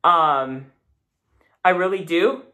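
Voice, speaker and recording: A young man chatting to camera in a casual vlog, animated and self-deprecating. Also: a little high, slow pace. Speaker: YouTuber.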